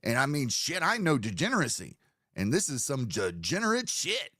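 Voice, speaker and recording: A man's voice: mid-range voice, wildly swooping pitch, moderate pace, sharp tone, no room sound, studio quality. Profane rambling male streamer. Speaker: streamer host. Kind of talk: live stream commentary.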